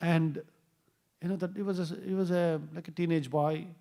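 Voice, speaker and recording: A man tells a scripture story in a temple class. His voice sits fairly high, and it lifts when he acts out the characters' lines. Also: fairly even intonation, normal speed, vocal fry, warm tone. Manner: storytelling, acts out quoted dialogue with rising voice. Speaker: temple speaker. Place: temple hall.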